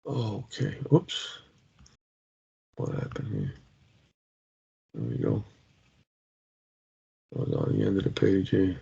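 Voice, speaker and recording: A man's voice: lowish voice, wildly swooping pitch, gravelly, dark tone, breathy edge. A man teaching a Bible word study over a video call, reading scripture aloud and talking casually with restarts. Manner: slow, reads scripture aloud, with many fillers and restarts. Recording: dull lo-fi video call audio.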